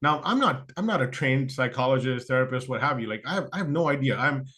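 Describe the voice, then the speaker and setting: A man's voice: mid-range voice, lively intonation, quick pace, pushed and bright. A man speaking as a guest in an interview, thoughtful and conversational, often restarting sentences and acting out quoted excuses. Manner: thoughtful, lots of fillers and restarts; acts out other people's quoted excuses. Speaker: podcast guest.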